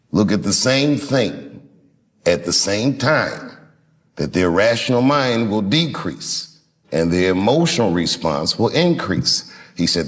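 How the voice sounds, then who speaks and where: Comedian in his fifties, from D.C., lowish voice, slow reflective storytelling with pauses. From Washington, D.C. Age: 50s. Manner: measured, unhurried storytelling with dramatic pauses and acted-out quotes.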